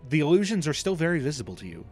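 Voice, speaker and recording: A man's voice: fairly high pitch, big pitch swings, very fast, darkish tone, soft background music. A man running a tabletop role-playing game as game master, narrating the scene with lots of fillers and restarts. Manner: loose, filler-heavy narration.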